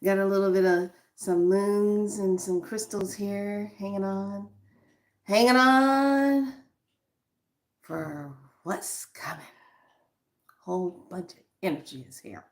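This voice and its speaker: A woman's voice: mid-range voice, steady tone, unhurried, mellow. A middle-aged woman hosting a spiritual channel, chatting casually and animatedly, laughing often and repeating questions in a rhythm. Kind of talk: casual spiritual vlog talk.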